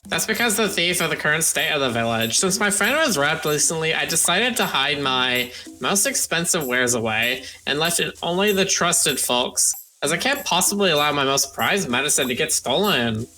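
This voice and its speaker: A woman doing a motherly game pharmacist, sweet-talking and fond of calling people darling. Her voice sits low yet sounds bright and swings widely in pitch. Soft game music plays behind her. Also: lively intonation, normal speed, hardly any pauses, rough recording. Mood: warm, chatty. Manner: affectionate, calls others darling and hon. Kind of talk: reading game dialogue aloud on a live stream.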